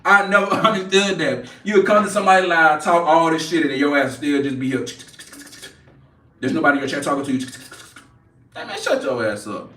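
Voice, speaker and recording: A man's voice: a little high, fairly quick, long pauses, pushed and bright, distant mic. A man in his forties hosting a casual livestream, brash and profane as he mocks trolls in the chat. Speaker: livestream host. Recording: echoey room, off-mic.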